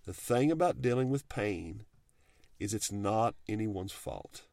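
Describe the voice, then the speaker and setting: A man's voice: lowish voice, animated, unhurried, gravelly, a little mellow, no room sound. A middle-aged man giving earnest, folksy advice on marriage and faith, speaking plainly with frequent restarts. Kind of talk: heartfelt talk on marriage and faith.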